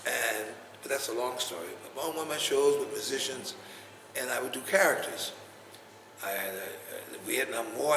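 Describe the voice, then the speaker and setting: A man's voice: mid-range voice, sharp tone. An older man from the United States, telling stories animatedly in an interview with many restarts. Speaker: interviewee, entertainer. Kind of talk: conversational interview. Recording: echoey room with faint noise.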